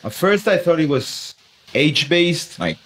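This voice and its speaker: A man's voice: on the high side, expressive, measured pace, fairly bright tone, a little hiss or hum, poor audio. Man hosting a podcast. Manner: questioning, searching for words. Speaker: podcast host. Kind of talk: podcast interview.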